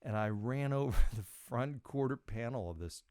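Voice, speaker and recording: A middle-aged man hosting a podcast, telling a personal story in a casual, animated way and quoting himself with big jumps in pitch. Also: normal speed, clean tone, dry recording, clean studio sound. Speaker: podcast host.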